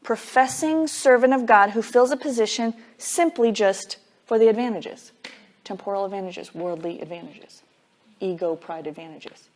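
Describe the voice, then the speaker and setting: A woman's voice: mid-range voice, normal speed, darkish tone. A woman Bible teacher giving a conversational sermon, casual and emphatic, dropping frequent "like" fillers as she explains.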